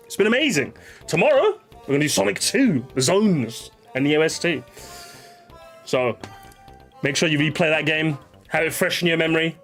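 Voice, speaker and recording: A man's voice: a little high, fairly bright tone. A man hosting a stream, chatting casually and ranting in mock anger with lots of swearing. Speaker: streamer host.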